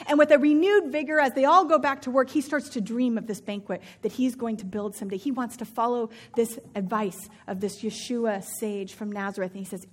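High-voiced lively woman storyteller. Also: moderate pace. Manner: lively, expressive. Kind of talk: spoken storytelling.

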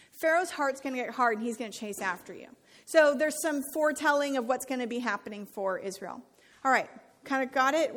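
High-pitched lady preaching, reading scripture and chatting in between, echoey church hall. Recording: long reverb of a hall.

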